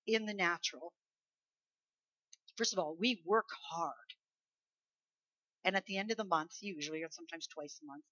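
Bright-voiced woman preaching a sermon. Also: lowish voice, dry recording. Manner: emphatic, conversational preaching with rhetorical questions. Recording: dull lo-fi recording.

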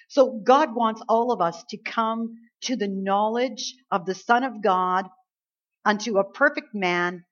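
A woman's voice: mid-range voice, highs cut off. A woman preaching a sermon, earnest and emphatic, quoting scripture and building to stressed points.

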